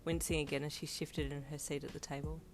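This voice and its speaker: A woman reading fanfiction aloud in a steady storybook narration. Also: deep voice, fast talker. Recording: soft lofi piano behind.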